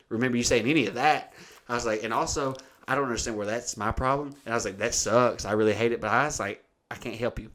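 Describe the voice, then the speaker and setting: A man's voice: medium pitch, fast, a bit bright. A man, hosting a podcast and telling a crude, rambling story in casual chat. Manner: profane, rambling anecdote-telling. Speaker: podcast host.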